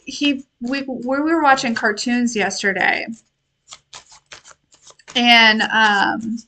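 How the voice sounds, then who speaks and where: A woman with a high, bright voice talks slowly to her viewers, drifting off on tangents and laughing often. As a tarot reader and intuitive healer, she delivers a casual spiritual message with affection. Her intonation is fairly even, and the audio is poor.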